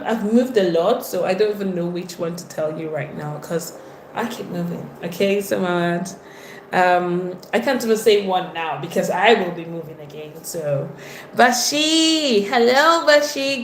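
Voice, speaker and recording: A woman's voice: fairly low pitch, echoey room, slight background noise. A woman from Nigeria with a Nigerian accent, hosting a casual livestream, greeting viewers by name and reading their comments. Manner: chatty, greets viewers by name, lively exclamations. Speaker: livestream host.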